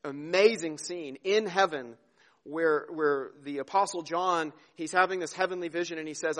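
A man preaching a sermon, earnest and heartfelt, dropping to a hush and then rising to emphasis, often repeating words as he goes. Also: a little high, moderate pace. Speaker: pastor.

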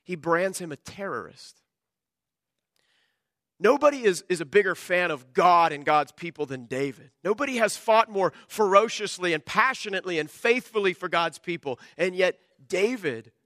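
A man preaching a sermon, impassioned, swinging from loud climbs to quiet drops. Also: lively intonation, normal speed, no room sound, clean studio sound. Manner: impassioned preaching, rising and dropping sharply in pitch and loudness. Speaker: pastor.

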